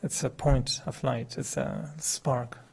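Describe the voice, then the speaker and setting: Speaking slowly in a husky, gravelly, darkish voice with fairly even intonation, a middle-aged meditation teacher who isn't a native English speaker gives a chatty, humorous spiritual talk. He laughs at himself a lot, and when he acts out dialogue his pitch jumps sharply.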